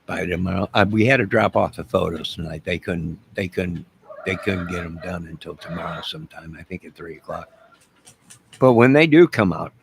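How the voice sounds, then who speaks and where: A man's voice: deep voice, steady tone, brisk, gravelly, a bit bright, slight background noise. A man ranting boastfully and mock-menacingly to his viewers in a drawling, rambling way. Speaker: online music and movie channel host. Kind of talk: rambling comic rant to viewers.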